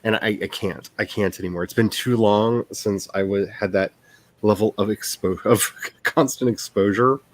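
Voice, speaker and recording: A man's voice: fairly low pitch, fairly even intonation, normal speed. A man who writes books, hosting a casual stream chat in a rambling, self-deprecating way and laughing often.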